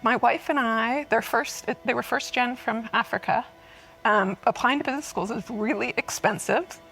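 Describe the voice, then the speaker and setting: A woman who led admissions, telling an animated, laughing story on an auditorium panel. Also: on the high side, normal speed, poor audio. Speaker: lecturer and former admissions head. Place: auditorium stage.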